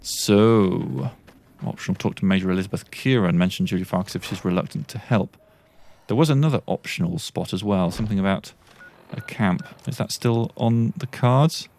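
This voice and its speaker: A man's voice: on the low side, moderate pace, gravelly, darkish tone. A British man giving casual gameplay commentary, awkward, rambling and self-deprecating. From Britain. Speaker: let's play host.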